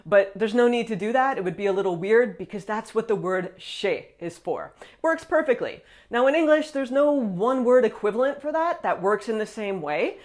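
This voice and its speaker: Woman running a french lesson video, upbeat, counts down tips, mid pitch. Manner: upbeat, with frequent "all right" and list countdowns. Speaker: French language teacher.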